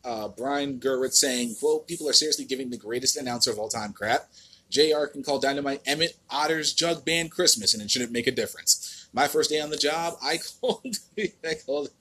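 A man's voice: mid-range voice, fairly quick, pushed and bright, slightly rough. A man with an American accent hosting a podcast, ranting in a casual, exasperated and profane way with many restarts. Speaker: podcast host.

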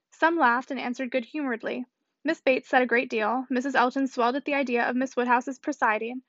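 A woman narrates a classic novel in a measured, even reading voice. Her pitch sits high. The recording is dry and a little dull. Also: no echo. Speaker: audiobook reader. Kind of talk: scripted narration.

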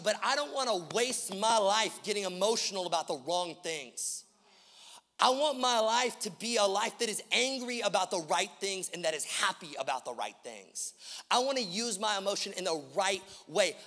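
A male pastor preaching a sermon with impassioned, repetitive delivery that swings from hushed to loud. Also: high-pitched, animated, normal speed. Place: church auditorium. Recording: long reverb of a large hall.

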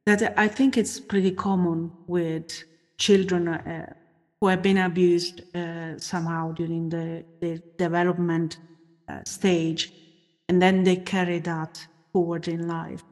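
Female interviewer, unhurried and hesitant, slightly low voice, long reverb. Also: flat delivery. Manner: measured, hesitant fillers. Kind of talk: interview questions.

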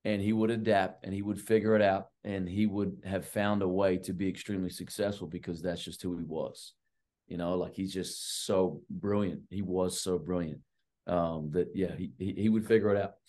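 A middle-aged man with a fairly low voice tells coaching stories at length. He talks casually and leans hard on fillers like "like" and "right." He is a guest on a podcast. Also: moderate pace. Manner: animated and long-winded, heavy on fillers like "like" and "right". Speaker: guest, college basketball coach. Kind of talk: casual storytelling.

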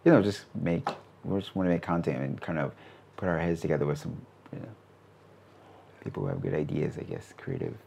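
A man in his thirties answering interview questions in a relaxed, rambling way, with many fillers and restarts. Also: rumbling low, brisk, gravelly, slightly rough. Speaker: animation studio CEO, interview guest.

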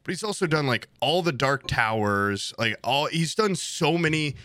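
A man's voice: on the high side, lively intonation, moderate pace, bright, forceful tone, no echo, studio quality. A young man co-hosting a podcast, chatting casually in a rambling, profane, laid-back way. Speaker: podcast co-host. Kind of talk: casual chat.

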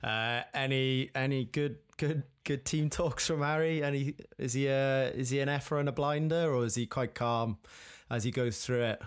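A man's voice: mid-range voice, fairly even intonation, moderate pace, clear, resonant tone. A man co-hosting a podcast, firing off casual questions with stumbling restarts. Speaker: podcast co-host. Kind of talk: casual chat.

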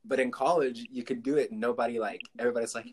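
A young man hosting a podcast in easygoing, relaxed banter. His voice sits at an ordinary middle pitch, and he keeps the talk loose and conversational. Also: racing, a little hiss or hum. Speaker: podcast host. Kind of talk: casual chat.

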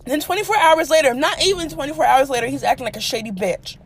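A woman's voice: high voice, fast talker. A young woman hosting a podcast, telling a dating story in a casual, profane, dramatic way. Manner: animated, profane, dramatic with quoted asides. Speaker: podcast host.

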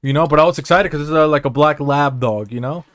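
A man's voice: on the high side, quick pace, fairly bright tone. A man co-hosting a podcast in casual banter, telling rambling, profane stories with lots of laughing. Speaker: podcast co-host.

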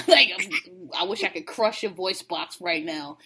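A woman's voice: lowish voice, unhurried, bright, forceful tone, slightly rough. A woman co-hosting a casual podcast, gossiping bluntly about reality TV with lots of slang and laughter. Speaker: podcast co-host.

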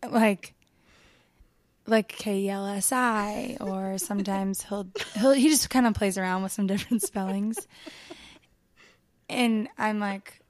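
A woman's voice: mid-range voice, steady tone, takes it slowly, long pauses, a little mellow. A young woman co-hosting a podcast, telling stories in an easygoing, laughing way. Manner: easygoing storyteller, laughs often. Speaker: podcast co-host. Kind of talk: casual chat.

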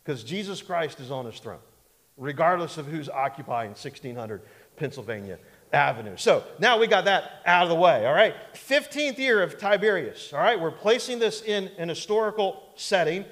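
With a fairly bright, high-leaning voice, very animated and at a moderate pace, a pastor gives a homely, humorous sermon. He jokes, puts on mock voices and keeps calling for amens, as the church's long hall reverb echoes around him.

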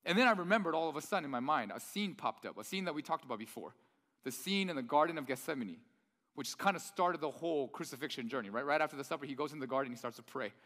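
Bright high-voiced man preaching a sermon. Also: lively intonation, fast talker, big-room sound. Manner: enthusiastic, nerdy, conversational. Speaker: pastor.

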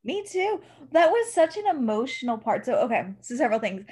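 A woman with a slightly high voice chats casually about a book she has just read. She talks in an animated, expressive way and laughs often. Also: brisk, husky. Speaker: book discussion co-host. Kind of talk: casual chat.

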